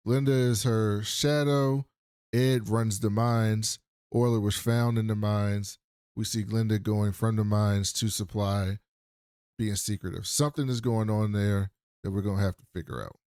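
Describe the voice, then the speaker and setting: In clean, studio-quality audio without any room sound, a lowish-voiced podcast co-host talks a little slowly as he recaps a TV episode. His casual retelling is animated, and he plays out the characters' lines, swearing included.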